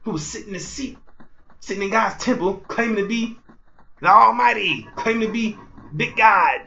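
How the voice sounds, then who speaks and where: A man with a high voice preaches in a fiery, repetitive way, keeps asking his listeners if they see, and swings from shouting bursts to quiet mutters. The recording is dull and lo-fi, with a faint hiss underneath. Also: normal speed, gravelly. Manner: swings between loud outbursts and low murmurs. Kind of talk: fiery street sermon.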